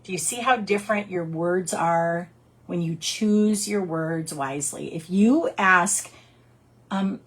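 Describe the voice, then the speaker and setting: A woman who works as a direct sales consultant, giving her team casual coaching and acting out customer conversations in lively quick put-on voices. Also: lowish voice, breathy edge. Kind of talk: casual training talk with storytelling.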